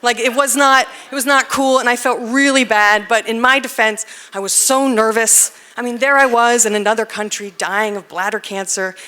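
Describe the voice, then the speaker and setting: A woman telling a personal story on stage, animated and self-deprecating, often laughing as she talks. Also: a little high, moderate pace, few pauses. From United States. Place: stage at a live storytelling event.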